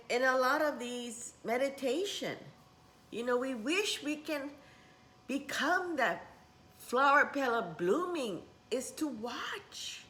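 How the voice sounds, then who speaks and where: Middle-aged woman workshop teacher, casual vlog, unhurried and rambling, Japanese words scattered in. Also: high voice. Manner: rambling, warm-hearted, mixes in Japanese words.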